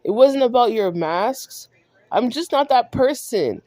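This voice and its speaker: A woman's voice: a little high, animated, measured pace, dark tone, no room sound. A woman vlogger delivering a heated monologue, scolding someone directly and repeating herself for emphasis.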